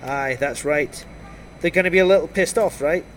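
A man's voice: on the high side, moderate pace, slight background noise, close to an everyday voice. A man voicing a scared, sarcastic young male informant who swears and complains in agitation. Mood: nervous.

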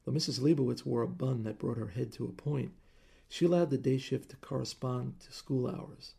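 A man reading a short story aloud in measured, plain narration. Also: mid-range voice, gravelly, warm tone, breathy edge.

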